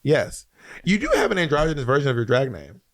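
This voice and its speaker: A man in mid-range pitch co-hosting a casual podcast. He rambles, trails off and restarts, padding his talk with fillers. His voice sits right in the middle for a man. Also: sing-song. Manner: rambling, halting, many fillers. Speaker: podcast co-host. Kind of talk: casual chat.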